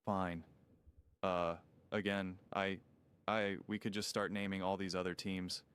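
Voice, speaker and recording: A man with a low, smooth, resonant voice, ranting in sports talk. He sounds incredulous and sarcastic and leans hard on repeated points. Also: level tone, measured pace, fairly bright tone. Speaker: sports commentator. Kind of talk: opinionated sports talk rant.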